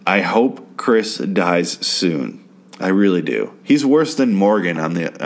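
A man's voice: deep voice, expressive, normal speed. A man recapping a TV episode in a crude, sarcastic, rambling way, now and then mimicking characters. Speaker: TV show recapper. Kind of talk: casual spoken TV recap.

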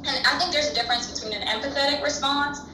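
A woman's voice: high voice, fast. A woman speaking as a guest in a casual conversation, thoughtful and reflective, with many fillers. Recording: distant echoey mic with background noise.

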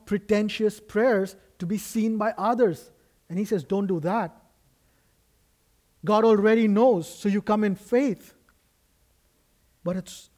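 A man's voice: sits high, darkish tone. A man preaching a sermon as a guest pastor in a church, earnest and emphatic, with frequent restarts. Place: church sanctuary.

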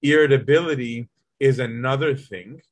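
A man's voice: mid-range voice, normal speed, dry recording. A man giving a casual spoken teaching, explaining a text in plain everyday examples and often checking in with his listeners. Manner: conversational, keeps checking in with listeners. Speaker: teacher leading a study of an early Christian text.

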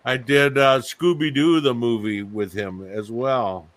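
A man's voice: medium pitch, measured pace. A man telling a casual anecdote, acting out the dialogue and laughing often. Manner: animated storyteller, acts out dialogue in voices, laughs often. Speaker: guest actor.

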